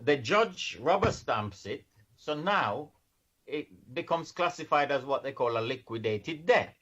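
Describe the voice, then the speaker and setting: A man's voice: mid-range voice, expressive, unhurried, a bit bright. A man working in financial services, a podcast guest, explaining things earnestly and often restarting his sentences. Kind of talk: casual interview chat. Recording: dull lo-fi sound.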